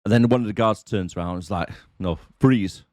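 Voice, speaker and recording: A man's voice: lowish voice, racing, darkish tone, dry recording, clean studio sound. A man co-hosting a casual movie review podcast, jokey and laughing often. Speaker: podcast co-host.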